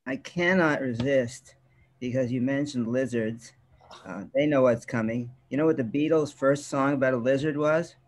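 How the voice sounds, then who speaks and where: A man on a video call, a session participant, delivering a joke in a slow, dry way. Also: medium pitch, a little hiss or hum.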